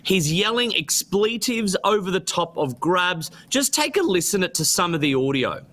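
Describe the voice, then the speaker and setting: An easygoing man hosting a radio talk show, his voice high for a man. His tone is bright and forward as he chats conversationally with his co-hosts. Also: sing-song, moderate pace.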